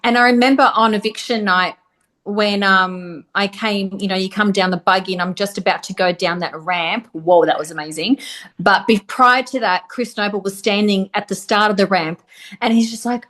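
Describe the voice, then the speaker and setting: A woman's voice: mid-range voice, fairly even intonation, normal speed, a bit bright. A woman being interviewed as a podcast guest, a former reality TV contestant, speaking emphatically and acting out quotes as she tells her stories. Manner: emphatic, defiant storytelling with acted-out quotes. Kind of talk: casual conversational interview.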